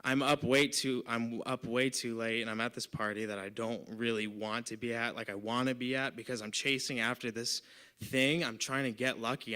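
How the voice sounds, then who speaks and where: Bright, clear-voiced young man telling a story. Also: mid-range voice. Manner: casual, filler-heavy, lots of "like" and "you know". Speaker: volunteer storyteller. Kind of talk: live personal storytelling. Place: stage at a live storytelling show.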